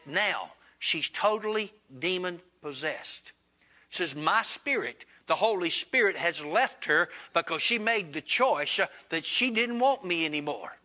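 A man preaching a sermon, retelling a story in plain, folksy speech and acting out both sides of the dialogue. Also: bright, forceful tone. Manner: retells dialogue with rising pitch, Southern colloquial grammar.

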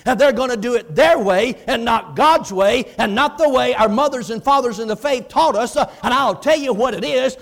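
High-voiced man preaching a fiery sermon. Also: normal speed, creaky, few pauses. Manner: impassioned, swinging from low murmurs to shouts.

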